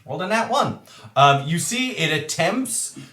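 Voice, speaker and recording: A man narrating a tabletop game as game master, acting out sounds with animated energy. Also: a little high, measured pace, echoey room.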